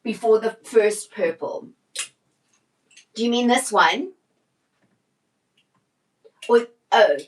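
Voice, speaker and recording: Speaking slowly with long pauses, this middle-aged personal stylist has a slightly high voice. She's chatting casually on a live shopping stream, fielding viewer questions and often starting her sentences over, and the recording is rough.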